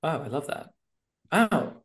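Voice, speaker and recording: A man's voice: on the high side, sing-song, slow pace, fairly bright tone. A man hosting a podcast, asking loose, jokey questions in casual interview chat. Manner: jokey, loose, with fillers and laughs. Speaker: podcast host.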